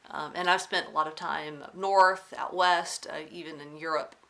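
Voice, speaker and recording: Bright-voiced Southern woman chatting at home. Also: low voice, steady tone, moderate pace, gravelly. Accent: Southern US, mixed Alabama and North Carolina. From Southern United States (Alabama, then North Carolina). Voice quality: slightly soft R sounds. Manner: chatty and rambling, with many ums and restarts; careful enunciation. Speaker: cross-stitch vlogger. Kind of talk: casual chat to camera. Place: at home indoors.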